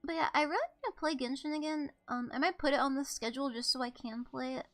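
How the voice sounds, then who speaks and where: A young woman chats with her stream audience in a high, bright voice. She rambles from one thought to the next, giggles, and apologizes often. Quiet music plays behind her. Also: steady tone, fast talker. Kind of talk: casual live-stream chat.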